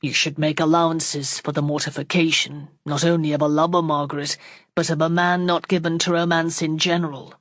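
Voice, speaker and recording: Low-voiced proud young suitor, read by a woman, cool and formal, dry close sound. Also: little pitch movement, no echo, natural voice. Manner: measured, formal speech.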